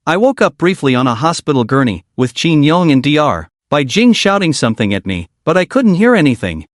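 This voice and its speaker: A man narrating a comic story recap in a lively scripted storytelling delivery. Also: on the high side, brisk, dry recording, clean studio sound.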